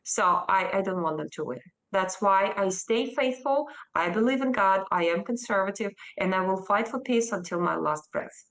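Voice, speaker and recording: A Russian-accented woman in her thirties answers a news interviewer's questions. She speaks emphatically and earnestly, and her voice often leaps higher as she makes a point. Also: expressive, moderate pace, hardly any pauses, fairly bright tone, poor audio. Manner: emphatic and earnest, with sudden rises in pitch. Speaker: interview guest.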